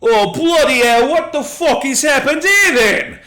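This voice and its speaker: A man voicing a brash, foul-mouthed male elf who talks gruffly in British slang and bosses people about. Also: extremely high pitch, animated, unhurried, pushed and bright, faint music behind, pitched above the performer's own voice, exaggerated voice. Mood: irritated. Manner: gruff, swearing, bossy. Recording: roomy echo.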